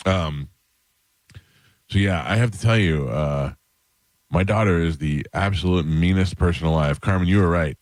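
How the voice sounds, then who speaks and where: A man's voice: low-pitched, normal speed, pauses often, dry recording. A man in his forties hosting a morning radio show, telling a family story in casual chat and acting out the dialogue. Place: radio studio. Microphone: studio microphone.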